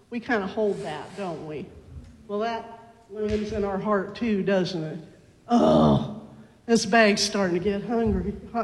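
Slow, gentle pastor in a reverberant church. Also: mid-range voice. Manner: gentle, coaxing, full of tag questions. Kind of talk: scripture reading and children's sermon. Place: church sanctuary.

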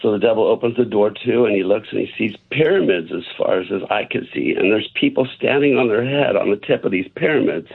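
A man's voice: lowish voice, animated, fairly quick, vocal fry, few pauses, husky. A man calling in to a radio show and telling a joke, chuckling as he goes. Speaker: caller. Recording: tinny phone line.

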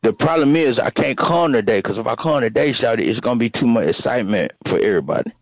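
A man's voice: mid-range voice, expressive, quick pace, no echo. A man calling in to a radio morning show, rambling and repeating himself as he tells a long story. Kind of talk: comic phone call bit. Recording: tinny phone line.

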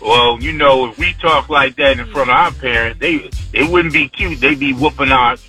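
Caller, man, bright tense voice, calm and advising, faint music. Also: mid-range voice, moderate pace, poor audio. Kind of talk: phone-in comment.

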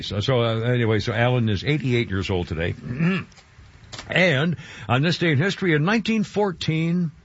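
Husky, rambling male talk-radio host. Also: medium pitch, fairly bright tone. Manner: rambling, halting, full of fillers. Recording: dull lo-fi radio sound.

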